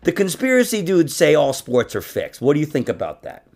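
A male podcast host talks in loose, casual chat, swearing often and getting worked up quickly. His voice sits a little high with a gravelly edge, and it swings up and down a lot as he talks. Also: wildly swooping pitch, darkish tone.

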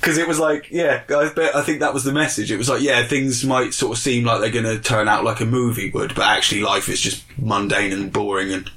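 A man's voice: medium pitch, fairly even intonation, a little fast, hardly any pauses, pushed and bright. A man hosting a podcast in casual chat, wry and rambling, laughing often. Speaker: podcast host.

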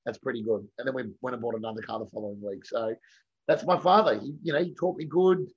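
A man telling lively anecdotes in a casual chat, acting out what people said and swearing freely. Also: mid-range voice, quick pace, husky. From Australia. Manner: animated anecdotes with voiced quotes, swearing freely. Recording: dull lo-fi recording.

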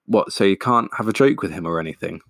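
A man's voice: deep voice, fast talker, fairly bright tone, dry recording, studio quality. A man voicing a nervous young man who talks in a casual, jokey way.

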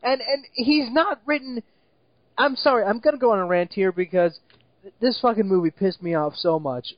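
A man's voice: high voice, moderate pace, dry recording, lo-fi sound. A man co-hosting a casual movie review chat, ranting with exasperation, swearing often and laughing at what he mocks. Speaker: movie review podcast co-host.

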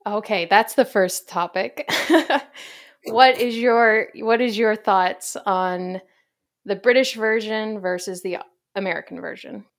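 A woman hosting a casual podcast chat, chatty and upbeat, quick to laugh. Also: mid-range voice. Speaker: podcast host.

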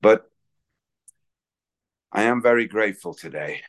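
A man speaks openly at a recovery meeting, rambling through his personal story. His voice is on the low side, with lively intonation and an unhurried pace.

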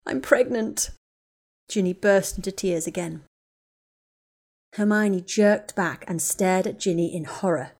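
A woman narrating a fanfiction audiobook in a measured, quiet storytelling manner. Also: mid-range voice. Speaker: audiobook reader. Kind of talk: scripted narration.

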